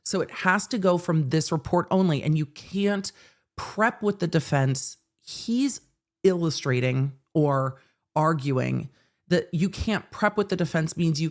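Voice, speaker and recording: A woman hosting live commentary on a court hearing, talking in a blunt, sardonic way and swearing freely. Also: sits low. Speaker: legal commentary host.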